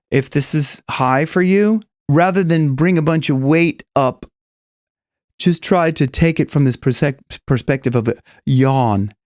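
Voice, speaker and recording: A man teaching singing, explaining casually and breaking into high sung examples. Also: no echo, studio quality. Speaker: vocal coach. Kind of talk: singing lesson with demonstrations.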